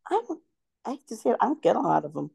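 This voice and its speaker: Mellow-voiced woman telling old family stories. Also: mid-range voice, big pitch swings, racing, vocal fry, breathy edge, no echo. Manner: anecdotal, laughs often, searches for words. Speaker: podcast co-host. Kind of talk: casual storytelling chat.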